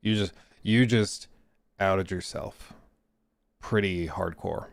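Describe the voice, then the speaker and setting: Man, gaming streamer host, casual chat, repeats phrases, slangy, smooth clear voice, dry close sound. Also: low-pitched, slow pace, dry recording. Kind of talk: casual live-stream chat and news reading.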